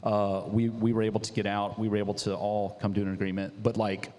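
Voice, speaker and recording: Low-voiced founder telling a story, echoey. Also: male voice, brisk. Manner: animated, acts out quotes with big pitch jumps. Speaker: business founder. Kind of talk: casual storytelling chat.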